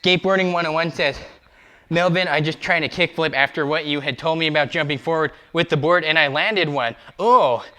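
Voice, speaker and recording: A young man chats through his skateboarding livestream with a bright, tense voice pitched a little high. He rambles, full of fillers, upbeat and a bit out of breath. The sound is dry and close. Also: brisk, no room sound. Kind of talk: casual livestream chat while skateboarding. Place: outdoors skating.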